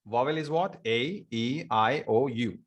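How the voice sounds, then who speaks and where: A man with an Indian accent teaches an online spoken English class over a video call. He goes back over points again and again and keeps asking his students questions. His pitch sits in an ordinary middle range. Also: a little slow, highs cut off. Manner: repetitive, stops to ask students questions.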